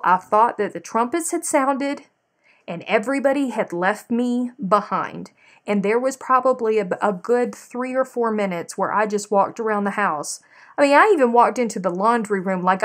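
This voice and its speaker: Woman host, casual live craft chat, animated storyteller talking to viewers. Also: mid-range voice. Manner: chatty, animated storytelling, addresses viewers directly. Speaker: crochet live stream host.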